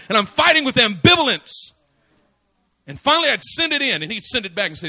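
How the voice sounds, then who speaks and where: High, bright-voiced male preacher. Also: very animated, brisk, gravelly. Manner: swings from quiet asides to loud, insistent emphasis; repeats phrases for emphasis. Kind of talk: sermon. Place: church service.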